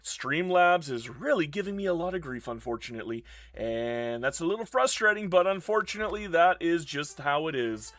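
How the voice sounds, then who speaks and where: Hoarse, tired man streaming live. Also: a little high, expressive, normal speed, hardly any pauses, a bit bright, no echo, studio quality. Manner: chatty, greets chat by name. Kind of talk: live gameplay commentary.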